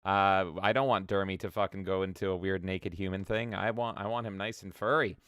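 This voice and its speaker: A man's voice: low-pitched, little pitch movement, brisk, a bit bright, clean tone, dry recording. Man, podcast co-host, crude jokes, reads out chat, dry close sound. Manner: crude, joking, reads chat messages aloud. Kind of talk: casual gaming podcast chat.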